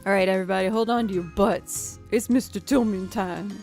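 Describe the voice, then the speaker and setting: Woman streamer, mid pitch, chatty and self-deprecating, faint music behind. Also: brisk, a little mellow. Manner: jumps up in pitch when surprised. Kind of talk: casual live-stream chat.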